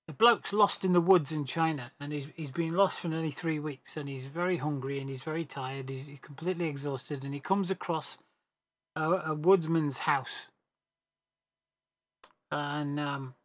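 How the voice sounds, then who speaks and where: A man's voice: a little high, moderate pace. A man on a gaming voice chat, telling a long joke casually and rambling, with restarts and self-corrections. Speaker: gamer on a team voice chat.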